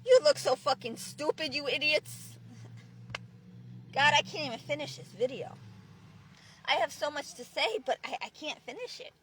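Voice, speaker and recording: A woman's voice: high-pitched, lively intonation, moderate pace, fairly bright tone, a little hiss or hum. A woman vlogging in a car, delivering a profane, preachy angry rant with many restarts. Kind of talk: angry ranting monologue.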